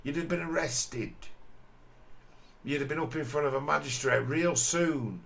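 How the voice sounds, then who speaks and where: A man's voice: a little high, a little slow, gravelly, a bit bright. A man giving a crude, scornful commentary over a video, often mimicking the people he mocks.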